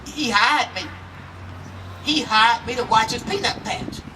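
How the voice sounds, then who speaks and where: A storyteller woman voicing a nosy, clever male rabbit who talks fast and repeats himself, recorded from afar outdoors. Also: fairly high pitch, close to an everyday voice. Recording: outdoor, mic far off, faint noise.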